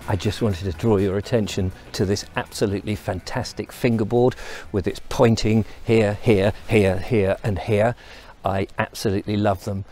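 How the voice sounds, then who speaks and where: A man's voice: on the low side, darkish tone. A middle-aged man from England vlogging outdoors while walking through countryside and woodland, chatty and enthusiastic, wandering off into asides. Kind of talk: casual outdoor walking vlog.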